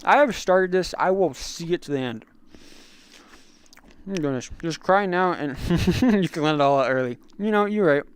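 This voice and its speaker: On his livestream, a young man rambles through filler-heavy casual chat, reading viewers' messages aloud and responding. He sounds a little high and smooth, with lively intonation at a normal pace, using a clip-on magnetic mic.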